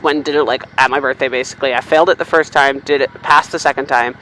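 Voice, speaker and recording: A young man, chatting casually and swearing freely while driving, rambling and excitable. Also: mid-range voice, fast talker, low-quality recording. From Canada. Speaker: vlogger. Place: inside a car, driving in city traffic. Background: faint car and road noise.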